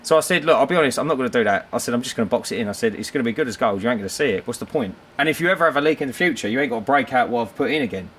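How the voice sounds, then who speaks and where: A man's voice: medium pitch, racing, hardly any pauses, slight background noise. A man, co-hosting a podcast and telling a story in casual chat, acting out the voices of the people he quotes. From United Kingdom. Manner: animated, acts out quoted voices. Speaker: podcast co-host.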